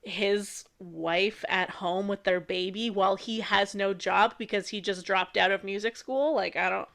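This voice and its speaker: A woman's voice: medium pitch, steady tone, a little slow, creaky, fairly bright tone. A woman co-hosting a podcast in casual movie chat, playful and acting out scenes with quoted lines. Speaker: podcast co-host.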